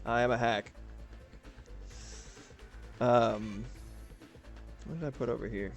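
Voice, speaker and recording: Speaking slowly and pausing often, this art streamer has a mid-range voice, fairly even intonation and soft music behind him. He chats and rambles loosely as he draws on stream, cursing without restraint.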